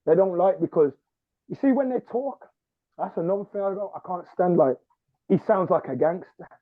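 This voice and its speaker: A man, co-hosting a casual sports podcast, talking in an animated, rambling way with lots of "yeah"s. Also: high voice, normal speed, no room sound. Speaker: podcast co-host. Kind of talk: casual chat. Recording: dry tinny phone-like sound.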